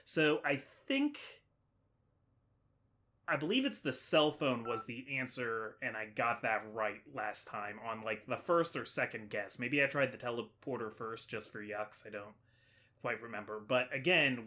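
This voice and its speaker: A man's voice: mid-range voice, a little slow, sharp tone. Chatty man commenting on a game. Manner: chatty, self-correcting, thinks aloud. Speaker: let's play host. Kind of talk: casual gameplay commentary.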